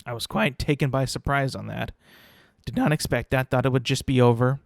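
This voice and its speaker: A man's voice: mid-range voice, fairly even intonation, a little fast, vocal fry, no echo, studio quality. A young man hosting his own podcast, talking casually alone, rambling and repeating words, swearing now and then. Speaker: podcast host. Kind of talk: casual solo commentary.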